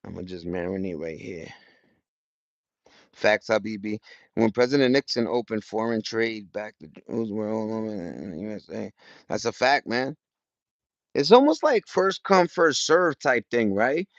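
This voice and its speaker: A man with a lowish voice and lively intonation chats at a measured pace with his live viewers outdoors, his talk loose, profane, slangy, and meandering, full of restarts. The recording is dry and muffled.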